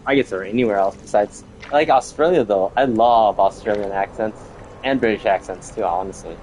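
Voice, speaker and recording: A man's voice: lowish voice, moderate pace, slight background noise. A man, casually chatting with viewers and rambling while he plays a game. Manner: relaxed, rambling, chats with viewers while playing. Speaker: game streamer. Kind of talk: casual gameplay commentary.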